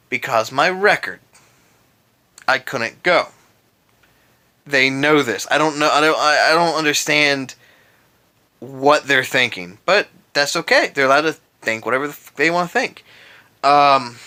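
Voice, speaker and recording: Speaking in a pushed, bright voice that sits on the high side, this tired young man vents from his bed at home about an old boss. It's a relaxed vlog rant peppered with sarcasm.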